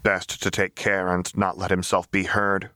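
A man calmly reading an audiobook as narrator, in an even, storytelling manner. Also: low voice, a little slow, no echo, clean studio sound. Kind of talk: scripted narration.

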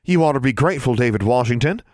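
A man voicing a proper teenage girl who speaks slowly in a quaint rural dialect. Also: medium pitch, very animated, dry recording, studio quality, voice pushed up. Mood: earnest. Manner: quaint dialect, slow and earnest.

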